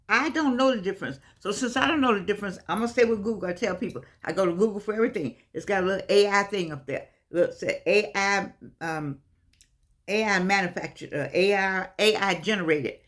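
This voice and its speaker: A woman's voice: medium pitch, animated, a little fast. An older woman chatting casually to her viewers, emphatic and preachy, repeating herself for effect. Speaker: vlogger.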